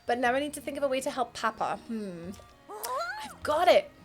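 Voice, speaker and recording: Earnest young girl from a game, high voice, read by a woman streamer. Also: lively intonation, moderate pace, music in the background. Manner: earnest dialogue read aloud. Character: young girl eager to help her parents.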